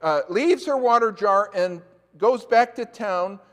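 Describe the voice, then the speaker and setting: Guy preaching in church, pretty high voice, chatty, keeps asking the crowd stuff, long echo off the hall. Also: unhurried. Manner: conversational, asks the congregation questions. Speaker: pastor. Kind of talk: sermon.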